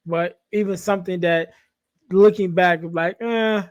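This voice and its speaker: Higher-voiced male podcast host. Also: steady tone, normal speed. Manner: conversational, asks long rambling questions. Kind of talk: casual interview.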